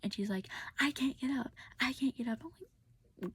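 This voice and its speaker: A young woman with a high-pitched, slightly rough voice tells a personal story at a moderate pace. She's casual and venting, using many fillers and often dropping to a whisper, and she sounds close to tears.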